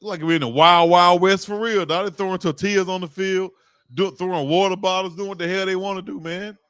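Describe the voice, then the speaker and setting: Brief: high-voiced, bright fan commentator, hyped live play-by-play, dry close mic. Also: male voice, fairly quick, smooth, no echo. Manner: excitable, shouting, cursing, slangy. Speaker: live stream host doing fan play-by-play.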